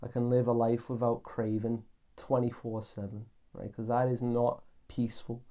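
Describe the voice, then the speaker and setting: A young man talks through casual self-help advice as a podcast host. His voice is mellow and warm, at an ordinary pitch. He speaks earnestly and with emphasis, circling back to repeat his key phrases. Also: flat delivery, normal speed.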